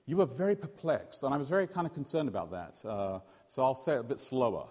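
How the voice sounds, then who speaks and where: Pastor telling a playful sermon story. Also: male voice, mid-range voice, fast, hardly any pauses, husky, in a large hall. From England. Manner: animated, jokey, quizzes the audience.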